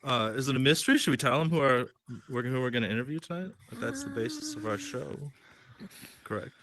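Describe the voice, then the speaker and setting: A man's voice: medium pitch, sing-song, fast talker, a crowd in the background. A man from Minnesota co-hosting a casual podcast, playful and swearing freely. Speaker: co-host.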